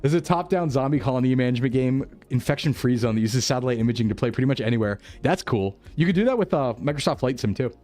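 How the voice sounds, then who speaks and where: This young man talks fast and animatedly, barely pausing, in a mid-range voice that's a little mellow. As a VTuber streaming a geography game, he chats casually with viewers, cracking jokes and laughing often while faint music plays.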